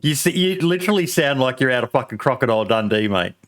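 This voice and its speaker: A man's voice: mid-range voice, expressive, quick pace. A man hosting a casual podcast, bantering and swearing freely with his guests. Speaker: podcast host.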